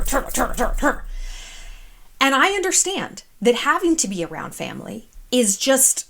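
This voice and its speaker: A woman in her thirties giving casual advice straight to camera, candid and chatty, swearing freely. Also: fairly high pitch. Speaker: vlogger.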